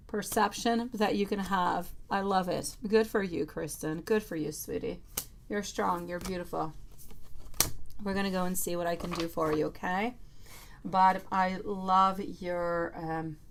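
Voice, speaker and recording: A woman's voice: lowish voice, slight background noise. A woman giving a live tarot reading and answering viewers in chat, affectionate, calling them sweetie and lovely. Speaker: tarot reader.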